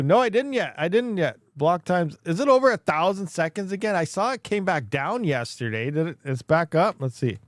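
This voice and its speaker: A man hosting a relaxed livestream, talking at a middle pitch. He rambles, thinks out loud and laughs often. His voice sounds dry and close to the mic. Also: no echo. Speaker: crypto mining livestream host. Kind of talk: casual livestream chat.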